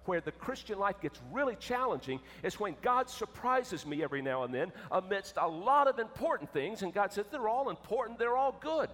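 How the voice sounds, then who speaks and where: Emphatic preacher in an echoey church. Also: male voice, high voice, big pitch swings, normal speed, hardly any pauses, faint music behind. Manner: emphatic, swinging from loud to hushed. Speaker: pastor. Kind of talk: sermon. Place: church sanctuary. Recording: echoey church with long reverb.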